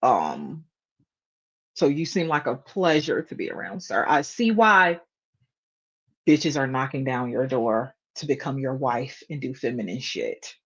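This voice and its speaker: A woman's voice: a bass voice, sing-song, unhurried, breathy edge, dull audio. A woman hosting a casual reaction video, blunt and sarcastic in her commentary.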